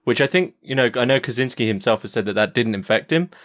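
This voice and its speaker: A man's voice: medium pitch, animated, fast, a bit bright. A man hosting a podcast interview, asking questions in a tentative, informal way. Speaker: podcast host. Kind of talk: casual interview chat.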